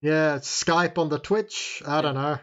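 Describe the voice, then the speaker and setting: Podcast guest dude, kinda high voice, dull lo-fi sound, wry jokey rambling. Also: male voice, steady tone, takes it slowly, fairly bright tone. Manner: wry, jokey, trails off in asides. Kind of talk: casual chat.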